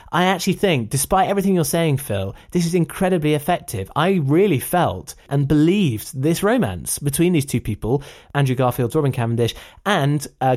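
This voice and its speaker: A man's voice: mid-range voice, darkish tone. A man hosting a film review podcast, talking in an enthusiastic, persuasive, rambling way. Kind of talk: casual film review chat.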